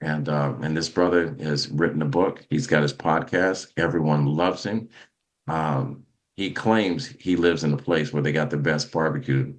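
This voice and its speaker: Very deep-voiced man hosting a motivational show. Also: fairly even intonation, normal speed. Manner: preachy, emphatic, with many restarts. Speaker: host. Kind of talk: motivational podcast talk.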